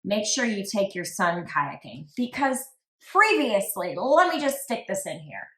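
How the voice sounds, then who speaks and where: A woman's voice: mid-range voice, measured pace. A woman podcast host chatting casually and reading text messages aloud with lots of "like" asides. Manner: reads quotes flatly with frequent "like" asides. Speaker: true crime podcast host. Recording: roomy echo.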